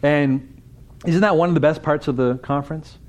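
A man's voice: on the high side, normal speed, a little mellow. Conversational man preaching to a conference. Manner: conversational, asks the audience questions. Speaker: conference speaker. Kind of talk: interactive church talk.

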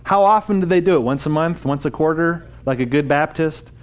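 A man's voice: fairly high pitch, brisk. A man giving an interactive church talk at a conference, speaking casually and putting questions to the audience. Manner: conversational, asks the audience questions.

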